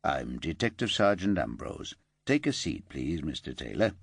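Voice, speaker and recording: A man voicing a calm, grave police detective sergeant who speaks softly and measuredly in an audiobook. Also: very deep voice, creaky, husky, dry recording, pitched below the performer's own voice, heavily acted. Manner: soft, measured.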